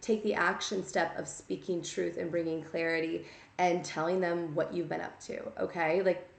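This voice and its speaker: A woman's voice: lowish voice, little pitch movement, normal speed, creaky. A woman giving a casual tarot reading, blunt and chatty, scolding her listeners and checking in with "okay?". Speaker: tarot reader. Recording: echoey room.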